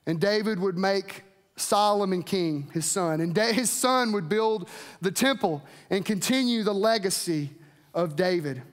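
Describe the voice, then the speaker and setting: A man's voice: high-pitched, a little slow, big-room sound. A man preaching a weekend sermon as pastor, earnest, lifting and dropping his voice for emphasis.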